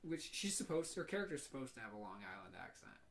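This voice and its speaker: A man's voice: mid-range voice, big pitch swings, fast talker, fairly bright tone. Young man chatting casually on a podcast. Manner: hesitant, trails off often. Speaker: podcast co-host. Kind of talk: casual chat. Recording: faint background noise.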